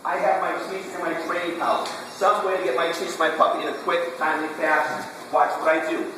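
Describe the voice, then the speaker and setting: A dog trainer runs a puppy training class, quizzing the handlers and repeating short commands like a drill. He speaks briskly in a slightly high voice with little pitch movement, captured by a distant camera in an echoey hall with room noise.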